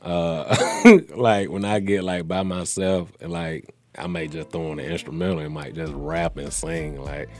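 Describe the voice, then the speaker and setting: A man who is a comedian guest, talking in a laid-back, casual way with a slight stutter and loud laughs. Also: deep voice, steady tone, measured pace, hardly any pauses. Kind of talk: casual interview chat.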